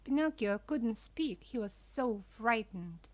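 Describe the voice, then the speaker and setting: A woman reads a simple children's story aloud for beginner learners, speaking very slowly and deliberately. Her voice sits a little high. The recording is close and completely dry. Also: lively intonation, darkish tone, dry recording. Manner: careful, clear, deliberate. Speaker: narrator. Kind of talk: slow storybook narration for learners.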